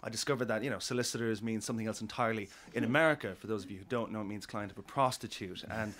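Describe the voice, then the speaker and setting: A man's voice: on the low side, fairly bright tone. An Irish man performing a wry stand-up routine as a comedian. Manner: quick, wry, self-deprecating delivery.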